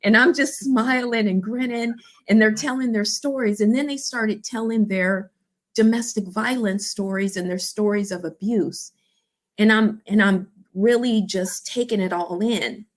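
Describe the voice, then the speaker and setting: A woman who founded a support organization shares a personal story in an interview, speaking unhurriedly in a mid-range voice. She's earnest and heartfelt, often saying "you know" and "I remember".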